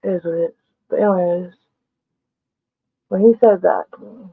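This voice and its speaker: A woman's voice: mid-range voice, steady tone, brisk, gravelly, pauses often, husky, no echo. A woman vlogger telling a story in a blunt, emphatic way, with frequent cursing. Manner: blunt, profane, emphatic retelling. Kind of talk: casual storytelling. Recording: tinny phone-like sound, dry.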